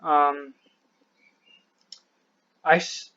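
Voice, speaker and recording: A man's voice: a little high, little pitch movement, very slow, bright, forceful tone, smooth, dull audio. Breathless man venting, swearing a lot. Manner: frustrated, rambling, swears a lot, trails off. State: short of breath. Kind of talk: venting to camera.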